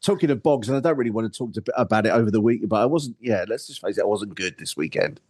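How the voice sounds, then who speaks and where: A man with a husky, slightly raspy voice co-hosts a casual podcast over a remote call. He talks quickly and hits back at his co-host's jokes with dry sarcasm. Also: lowish voice, animated, a little mellow. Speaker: podcast co-host. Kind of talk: casual chat.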